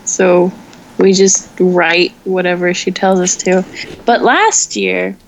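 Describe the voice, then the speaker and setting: Give me a playful teenage girl co-hosting a podcast, teasing and quick to laugh. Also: fairly low pitch, fairly even intonation, vocal fry, slight background noise. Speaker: podcast co-host. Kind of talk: casual chat.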